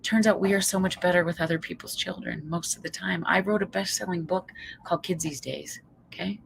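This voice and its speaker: A woman psychologist from Canada giving a motivational talk, lively and acting out quoted voices. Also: brisk, gravelly, a little hiss or hum, poor audio. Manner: lively, acts out quoted voices with big pitch jumps. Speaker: psychologist and speaker.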